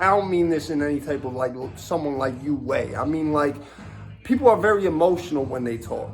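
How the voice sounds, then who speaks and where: A man's voice: a little high, sing-song, fairly quick, soft background music. A man, a former wrestler ranting casually on a podcast, profane and rambling with lots of fillers.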